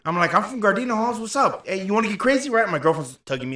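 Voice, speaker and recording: A man's voice: sits high, animated, fast talker, sharp tone. A man, telling a story in casual chat, acting out the voices and swearing freely. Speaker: co-host.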